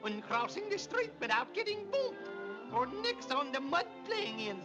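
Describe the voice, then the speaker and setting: A man voicing a fussy, doting mother pig with a German accent and a high nagging falsetto. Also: big pitch swings, normal speed. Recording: dull 1930s cartoon soundtrack with music.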